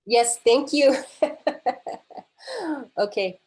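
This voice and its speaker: A woman poet speaking on a video call, soft and halting, full of pauses and fillers, openly emotional as she talks. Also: fairly high pitch, poor audio. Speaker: guest poet. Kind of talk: unscripted remarks on a video call.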